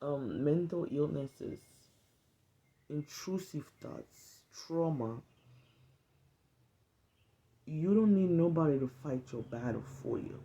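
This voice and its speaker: A woman's voice: deep voice, lively intonation, takes it slowly, pauses often, warm tone, lo-fi sound. A woman speaking to camera in a casual, earnest, heartfelt monologue. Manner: earnest, conversational, emphatic. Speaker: vlogger.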